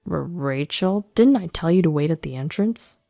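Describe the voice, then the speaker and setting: A woman's voice: low voice, animated, fairly quick, vocal fry, dark tone, soft background music. A woman voicing a smug, arrogant ex-husband who mocks and sneers. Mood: flustered. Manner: sneering, mocking.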